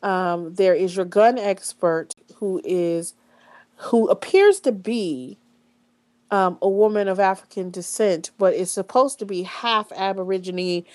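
A woman's voice: medium pitch, a little slow, darkish tone. A woman hosting a podcast in casual talk, speaking bluntly with frequent swearing, fillers and restarts. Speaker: podcast host.

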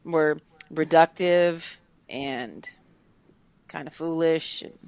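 A woman's voice: low voice, takes it slowly, a little mellow, no echo. A woman co-hosting a casual podcast discussion, blunt and frank, swearing freely. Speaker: podcast co-host.

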